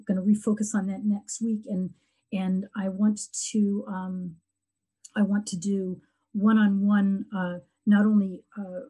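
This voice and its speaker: A middle-aged woman talking earnestly and reflectively in a heartfelt conversation, often pausing and restarting. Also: mid-range voice, dark tone, husky, poor audio. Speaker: guest sharing her grief story.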